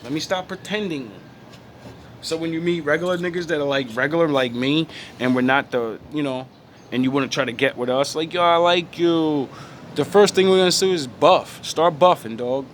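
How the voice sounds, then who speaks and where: A man's voice: fairly high pitch, a little fast, slight background noise. A man from the United States giving a blunt, profane rant as a vlogger, mocking his targets and laughing between points. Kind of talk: ranting opinion monologue.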